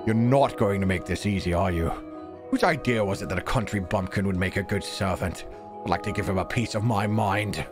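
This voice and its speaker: A man voicing a stern, eccentric retired old British gentleman with a gruff, clipped, scolding delivery. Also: low-pitched, fairly quick, over music, close to an everyday voice. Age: older.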